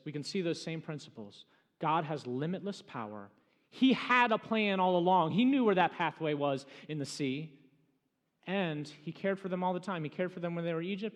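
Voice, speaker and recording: A man preaching a sermon as pastor, retelling a story dramatically and swinging between loud, urgent passages and hushed ones. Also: a little high. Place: church sanctuary. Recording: church hall reverb.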